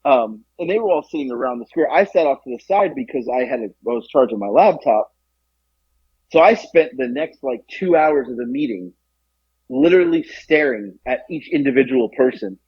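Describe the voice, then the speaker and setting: A man co-hosting a podcast, telling a story in casual chat, animated and profane, acting out the voices of other people. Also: mid-range voice, normal speed, slightly rough, dry recording, dull audio. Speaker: podcast co-host.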